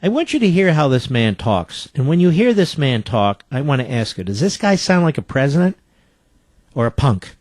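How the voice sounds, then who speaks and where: A man's voice: fairly high pitch, very animated, normal speed, darkish tone, no room sound. A man hosting a talk radio show, delivering a combative, sarcastic monologue.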